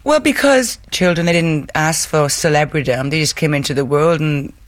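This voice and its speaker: A woman answers interview questions in an earnest, emphatic way, repeating words for weight. Her voice is fairly low, and the recording is dry and close. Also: normal speed, dry recording. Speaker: actress guest.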